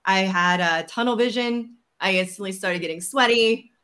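A woman telling a personal story in a casual podcast chat, animated and acting out the lines of the people in it. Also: medium pitch, moderate pace, clear, resonant tone. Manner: animated, acts out quoted dialogue. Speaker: podcast host.

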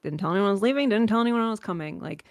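A woman's voice: medium pitch, animated, rapid-fire, a little mellow, no echo, studio quality. A woman, a roller derby skater, chatting as a podcast guest, with many filler words. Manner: chatty, frequent likes and ums. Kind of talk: casual podcast interview.

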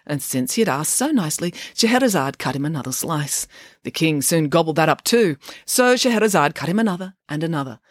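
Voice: mid-range voice, lively intonation, fairly quick, no room sound, clean studio sound. A narrator reading a comic story aloud in a playful way, full of asides.

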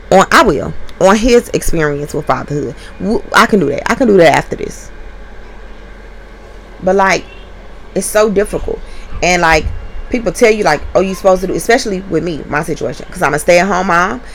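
A woman, a stay-at-home mother talking straight into her podcast mic at home. She is blunt and profane, pitch leaping up when she gets heated. A faint hum of noise sits under her voice. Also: creaky. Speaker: podcast host. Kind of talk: candid monologue.

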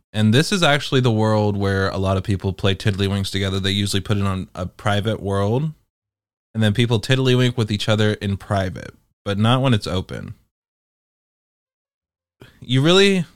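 A man's voice: medium pitch, clear, resonant tone, no echo, clean studio sound. A man giving casual, wry and profane commentary as he explores social game worlds.

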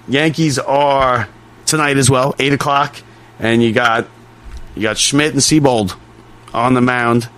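A male sports talk host with a mid-range voice chats in a loose, easygoing way. He piles up quick affirmations and casual asides. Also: medium pitch, steady tone, fairly bright tone.

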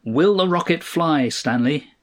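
A man voicing a loudspeaker voice shouting down from circling helicopters. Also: animated, measured pace. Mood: demanding. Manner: shouting, booming, demanding. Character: booming male voice from copters in the sky.

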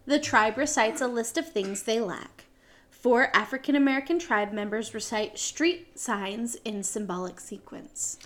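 A woman's voice: on the high side, animated, a little slow. A woman co-hosting a podcast, reading out a show synopsis from a script with small slips and self-corrections. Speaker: podcast co-host.

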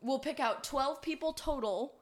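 A young adult woman co-hosting a casual podcast, swearing freely and often breaking into loud laughter. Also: sits high, normal speed. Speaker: podcast co-host.

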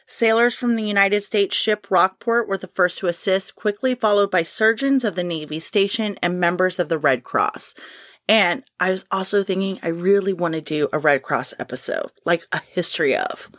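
A woman co-hosting a podcast who reads history notes aloud and chats casually in an unhurried way. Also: mid-range voice, fairly bright tone, no room sound, studio quality. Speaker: podcast co-host. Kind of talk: casual chat and history storytelling.

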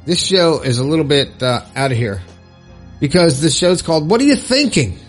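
A man's voice: a little high, expressive, moderate pace, faint music behind. A man hosting his own podcast in a casual, upbeat and rambling way, with lots of fillers and frequent laughs. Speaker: podcast host. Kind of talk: casual solo podcast talk.

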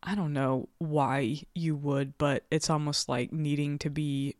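Low-voiced woman podcast co-host. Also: steady tone, measured pace, a little mellow, dry recording, clean studio sound. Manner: chatty, frank, swears casually. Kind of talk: casual chat and reading aloud.

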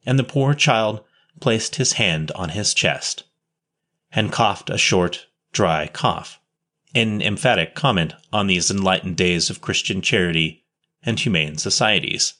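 A man reading an old story aloud in a measured, earnest way. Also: deep voice, sharp tone. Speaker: narrator.

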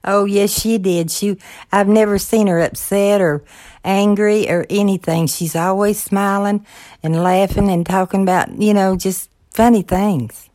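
An older woman, the host's mother, speaking gently and agreeably as she recalls good times with a friend. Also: medium pitch, fairly even intonation, unhurried, dry recording. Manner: gentle, agreeable, warm recollection. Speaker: mother of the host. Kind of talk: casual conversation.

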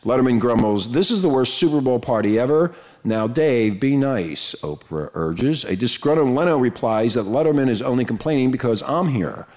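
A man's voice: mid-range voice, animated, normal speed, hardly any pauses, darkish tone. A man hosting an online talk radio show, chatting casually and rambling through news with lots of fillers.

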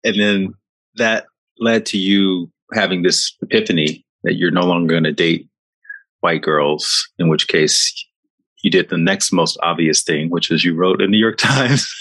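A man's voice: deep voice, takes it slowly, long pauses, fairly bright tone, husky, no echo. A male host interviewing a guest, prompting him with questions and laughing often. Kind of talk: casual interview.

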